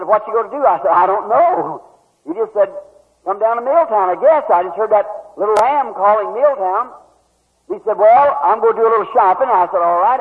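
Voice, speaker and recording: High-voiced old-time preacher on tinny tape. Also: male voice. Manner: folksy storytelling, voices the people he quotes. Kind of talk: sermon testimony. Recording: tinny old lo-fi recording, hall reverb.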